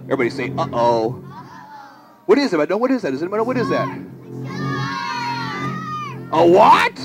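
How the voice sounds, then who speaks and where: A puppeteer voicing a zookeeper at a live children's puppet show, animated and calling on the kids to join in. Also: mid-range voice, quick pace, a crowd in the background, poor audio. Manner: animated, calls on the audience to join in. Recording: live show with audience and music.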